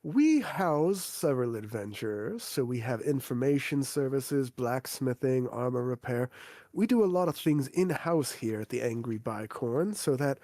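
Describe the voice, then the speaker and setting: A man voicing a polite, long-suffering middle-aged innkeeper who talks in a slow, formal, quiet way. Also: medium pitch, expressive, no room sound, natural voice. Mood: courteous.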